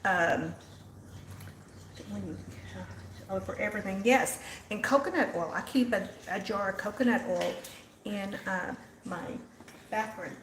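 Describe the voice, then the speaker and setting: A woman's voice: medium pitch, measured pace, long pauses. An older woman with an easy Texan Southern drawl chats unhurriedly with her livestream viewers while she cooks. Her voice rings in a roomy home kitchen over a faint background hum. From Texas. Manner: chatty, reads out and answers live viewer comments. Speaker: host. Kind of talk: casual livestream cooking chat.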